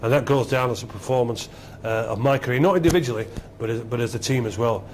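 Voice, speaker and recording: Excitable man telling stories. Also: medium pitch, fast, slight background noise. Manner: excitable, rambling, repeats himself. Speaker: former rugby league captain, guest. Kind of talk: animated storytelling interview.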